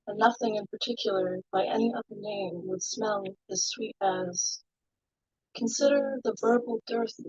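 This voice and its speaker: A woman reading her poetry at an online open mic, slow and soft, out of breath, then chatting with fillers. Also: mid-range voice, gravelly, husky, no echo, rough recording. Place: home, online video call.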